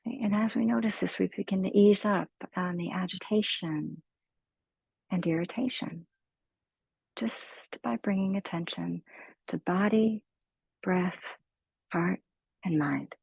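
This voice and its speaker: A woman leading a guided mindfulness talk with a low, husky, slightly gravelly voice. She speaks slowly and gently, in a soothing, unhurried way. The sound is dry and close, with no room around it. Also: no room sound, low-quality recording. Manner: slow, gentle, soothing delivery. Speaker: meditation teacher.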